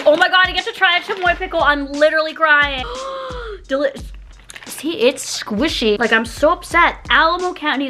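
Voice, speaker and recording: A young woman chatting casually as she unboxes and taste-tests snacks, giggling often and gushing with excitement. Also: high-pitched. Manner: giggly, gushing, lots of exclamations. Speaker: YouTuber taste-testing snacks.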